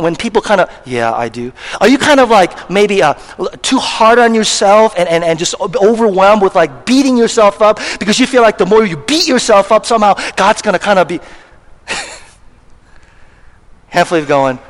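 A male pastor with a high voice delivers a sermon in a chatty, emphatic way, firing questions at the congregation. His words ring out with the long reverb of a church hall.

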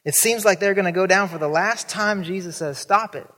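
Animated preacher man in a reverberant hall. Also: fairly quick. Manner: animated, acts out quoted voices with big pitch jumps. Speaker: pastor. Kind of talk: sermon.

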